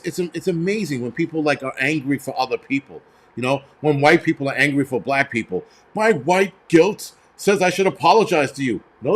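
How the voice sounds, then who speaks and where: A man hosting a live stream, ranting bluntly and profanely with many fillers while answering viewers in the chat. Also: a little high. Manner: reads out viewer donations and chat. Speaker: livestream host.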